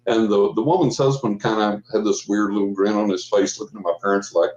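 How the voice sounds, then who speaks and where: An older man with a low voice tells a story in a loose, rambling way, full of restarts. His audio sounds roomy and muffled, as if from a remote call. He speaks as a guest on a radio talk show. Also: steady tone, brisk, hardly any pauses, darkish tone. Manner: rambling, with frequent restarts and quoted dialogue. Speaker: guest psychic. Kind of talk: casual storytelling interview.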